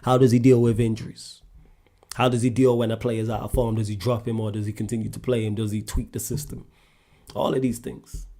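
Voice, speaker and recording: Gravelly-voiced man, blunt sports chat. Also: on the low side, a little fast. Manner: animated and blunt, rising sharply when making a point. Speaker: solo sports show host answering viewer questions.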